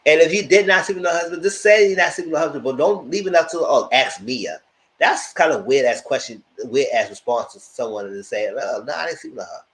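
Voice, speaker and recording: A man giving blunt, profane live commentary on reality TV episodes, acting out cast members' lines in high voices. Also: expressive, fairly quick, a bit bright, roomy sound, poor audio. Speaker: reality TV reviewer. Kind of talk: live casual recap commentary.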